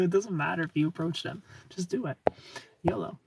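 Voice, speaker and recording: A man's voice: a little high, expressive, normal speed, vocal fry, long pauses, recorded from a distance, background noise. A British man speaking in a put-on American accent, chatting casually on a livestream and reading viewer comments aloud. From Britain. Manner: chatty, reads comments aloud, laughs often. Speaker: livestream host answering chat.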